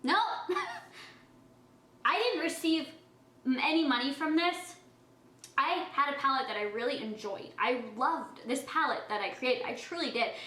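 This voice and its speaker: A woman's voice: high-pitched, moderate pace, sharp tone, reverberant, low-quality recording. A young woman vlogger chatting casually while eating, talking in a defensive, emotional way. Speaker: beauty vlogger. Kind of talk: casual eating-show vlog talk.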